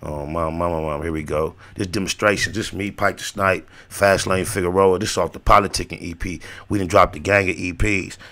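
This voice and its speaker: A man's voice: deep voice, fairly even intonation, fairly quick, hardly any pauses, pushed and bright. An older man hosting a casual livestream, telling rambling, slang-heavy stories with lots of fillers. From Los Angeles area, USA. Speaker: host.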